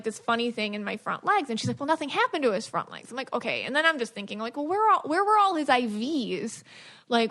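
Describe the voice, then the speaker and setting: A woman in her thirties hosting a podcast, telling stories in a lively, chatty way with many fillers. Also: a little high. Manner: animated storytelling with many fillers. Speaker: podcast host and psychic reader. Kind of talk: casual podcast chat.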